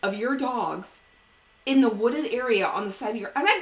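A woman's voice: a little high, moderate pace. A woman, co-hosting a podcast and telling a story in a casual chat, swearing freely and acting out every line of dialogue. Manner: animated, swears freely, acts out quoted dialogue. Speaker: podcast co-host. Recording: roomy echo.

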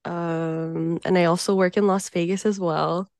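A woman in her twenties from Hawaii, a podcast guest who is ill and a bit wheezy, talking nervously with many pauses. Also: lowish voice, level tone, a little mellow, clear, resonant tone, no echo. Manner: nervous and hesitant, many ums. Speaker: guest, traveling hairstylist. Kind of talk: casual podcast chat.

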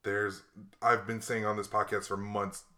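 A man's voice: on the low side, level tone, normal speed, pushed and bright. A young man in his twenties, a podcast host, telling a story in casual chat, sarcastic and often laughing as he acts out what others said.

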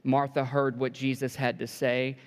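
A man preaching a sermon to a congregation, building to emphatic peaks and dropping to soft, hushed lines, with joking asides. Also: medium pitch, little pitch movement, moderate pace. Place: church sanctuary. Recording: long hall reverb.

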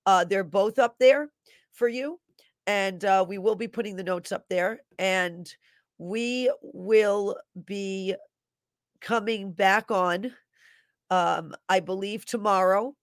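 A woman's voice: medium pitch, slow, dry recording, clean studio sound. A woman hosting a prophetic teaching broadcast, speaking earnestly and repeating key phrases for emphasis. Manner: earnest, corrects herself mid-sentence. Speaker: host and prophetic minister.

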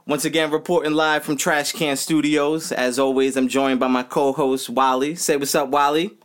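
A man's voice: on the high side, flat delivery, normal speed, smooth. A man in his thirties hosting a casual podcast, ranting animatedly about college football, repeating himself and saying y'all. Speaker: podcast host. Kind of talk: casual solo sports rant.

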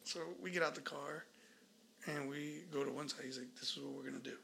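Gravelly New man telling a story. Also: fairly high pitch, steady tone, fairly quick, bright, forceful tone, a little hiss or hum. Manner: laid-back, slangy, acts out quoted dialogue. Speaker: podcast co-host. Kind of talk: casual storytelling chat.

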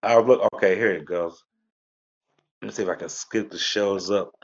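A man's voice: low-pitched, moderate pace, creaky. A man hosting a talk radio show, rambling in a laid-back, repetitive way. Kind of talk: casual monologue. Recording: lo-fi internet radio audio.

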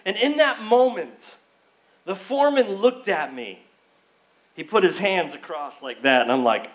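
A man with a high voice preaching a sermon. He tells his story with feeling, dropping almost to a hush and then rising into excitement. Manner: storytelling, swings from hushed to excited. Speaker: pastor. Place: church.

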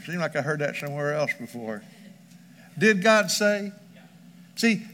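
A man's voice: high-pitched, fairly bright tone. A man preaching a sermon as pastor, emphatic and rhythmic, reading scripture aloud. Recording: long church hall reverb.

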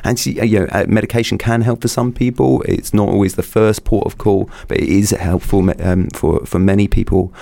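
Deep gravelly fast-talking male clinician. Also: fairly even intonation, mellow, dry recording. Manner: thoughtful, explanatory, with restarts and "kind of" fillers. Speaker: guest clinician. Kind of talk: explaining in conversation.

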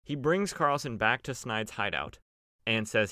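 A young man recaps old comic stories for his podcast in a loose, chatty way, full of fillers and quick asides. His voice is bright and crisp, recorded close in a dry room. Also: mid-range voice, animated, no echo. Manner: loose and chatty, many fillers, playful voices for quoted characters. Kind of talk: casual comic recap with acted quotes.

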